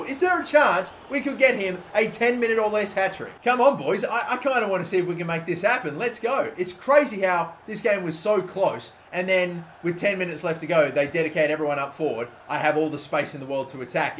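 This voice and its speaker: Brief: young male gaming YouTuber, upbeat live play-by-play, slightly high voice, chatty asides that erupt into shouting. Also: brisk, few pauses, a little hiss or hum. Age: 20s. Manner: excitable, bursts into loud shouting over goals; chatty, muttering asides between plays. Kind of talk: live video game commentary.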